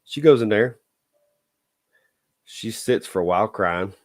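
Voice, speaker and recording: A man's voice: fairly low pitch, lively intonation, measured pace. A man telling a dating story in a blunt, folksy way, lecturing listeners with a repeated "okay?". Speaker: dating advice vlogger. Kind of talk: casual storytelling monologue.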